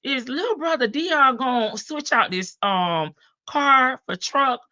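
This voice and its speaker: A woman's voice: high-pitched, lively intonation, sharp tone, no echo. Older woman greeting viewers on a live stream. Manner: greets viewers one by one, drawn-out hellos, laughs often. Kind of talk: casual live stream chat. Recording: dull lo-fi stream audio.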